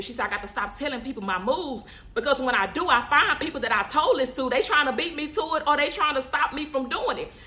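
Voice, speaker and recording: A woman's voice: high-pitched, pushed and bright. A woman hosting a faith podcast, giving casual motivational advice, repeating herself and laughing often. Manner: preachy, encouraging, repeats phrases, laughs often. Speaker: podcast host.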